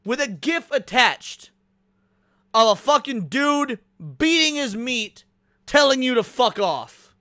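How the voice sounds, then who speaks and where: A man hosts a livestream with loose, profane commentary, stretching words out for effect. His voice sits very high for a man and sounds sharp and bright. The sound is dry and close. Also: dry recording. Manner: profane, excitable, drawn-out for emphasis. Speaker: livestream host.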